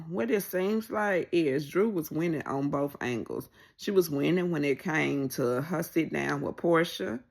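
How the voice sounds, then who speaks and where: Gravelly woman chatting a TV recap. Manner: animated, acts out quoted lines with pitch jumps. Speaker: reality TV recap vlogger. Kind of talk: casual recap chat.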